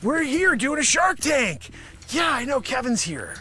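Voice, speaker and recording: A man with a high, bright voice that jumps all over the place, hosting a live improv comedy show. He riffs through a made-up product pitch in a wisecracking way, swinging from loud outbursts to mutters. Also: big pitch swings, measured pace, husky, soft background music.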